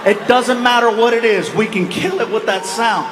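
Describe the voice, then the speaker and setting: A man doing stand-up comedy on stage into a handheld mic. He tells animated stories with sound effects. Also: extremely high pitch, moderate pace, very noisy.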